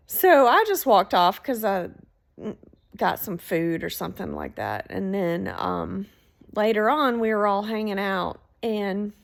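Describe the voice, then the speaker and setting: A woman telling a story in a casual, animated way, swearing freely. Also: medium pitch, gravelly. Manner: animated, swearing, laughs between lines.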